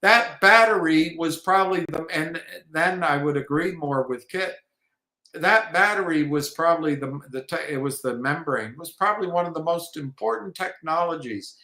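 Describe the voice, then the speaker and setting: A man giving rambling commentary on markets and trading, halting, with many restarts and fillers. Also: on the high side, bright, forceful tone. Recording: echoey room.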